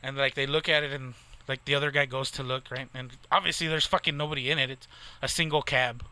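A man's voice: mid-range voice, steady tone, fast, pushed and bright, clean tone. A man in his thirties from near the Texas border, telling a rambling, profane story in casual chat with lots of fillers. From Texas, near the Mexican border.

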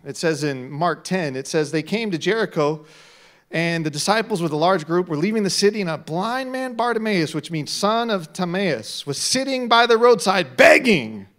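Male pastor, middle-aged, preaching; high, ringing voice that drops low and climbs to shouts. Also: lively intonation, moderate pace. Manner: preaching, swings from quiet to shouting. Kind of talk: sermon.

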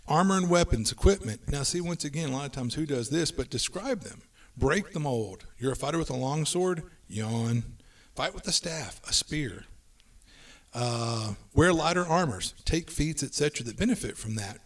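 Man, podcast host, casual chat, brisk tips, slightly distant mic. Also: on the high side, expressive. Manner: brisk, runs through lists of tips. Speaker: podcast host giving tabletop game advice.

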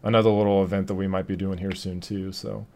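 A man's voice: deep voice, flat delivery, fast, warm tone. A man hosting a casual podcast, talking loosely with many fillers and restarts. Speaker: podcast host. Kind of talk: casual chat.

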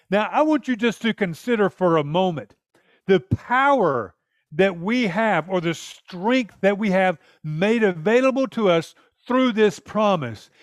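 A man delivers a sermon with earnest emphasis, driving each point home and acting out prayers along the way. His voice sits high, and the recording is close and dry, without room sound or echo.

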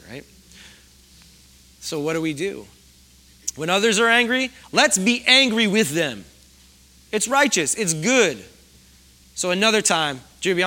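A middle-aged man gives a sermon in a relaxed, chatty way. His voice is bright and sits a little high for a man. He pokes fun at himself and keeps asking the congregation questions. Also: a little hiss or hum. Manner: conversational, self-deprecating, asks the audience questions. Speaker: pastor.

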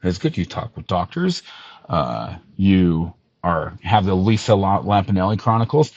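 A man's voice: very animated, unhurried, no room sound, lo-fi sound. Profane, heated man ranting on a podcast. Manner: profane, heated, swings from shouting to low muttering. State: missing teeth, awaiting dental work. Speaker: podcast host. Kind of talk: angry callout rant.

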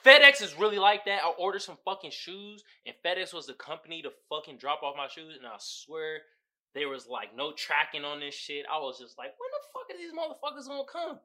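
A podcast host with a voice on the high side talks briskly with a sharp tone, shouting at times. He riffs casually on memes with profane slang and frequent laughter.

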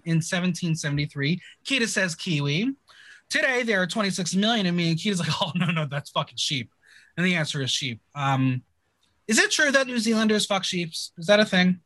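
Speaking a little fast in a high-pitched voice, recorded dry, this podcast host recaps a TV show in casual conversation. He stays animated, cracking jokes and laughing.

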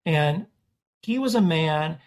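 A man's voice: fairly high pitch, lively intonation, slow. Rambling, talkative man telling stories. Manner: rambling, self-correcting storyteller. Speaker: portrait artist guest. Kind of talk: casual conversational interview.

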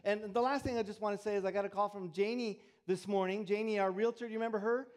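A man's voice: high-pitched, fairly even intonation, quick pace. A man preaching a sermon, telling stories in a folksy, conversational way. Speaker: pastor. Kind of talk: sermon with storytelling.

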